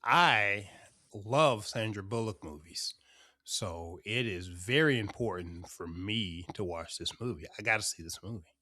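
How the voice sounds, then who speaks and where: A man's voice: fairly low pitch, a little slow, sharp tone, no echo, studio quality, voice pushed down. A man voicing a wife in a light role-play, speaking playfully in his own voice.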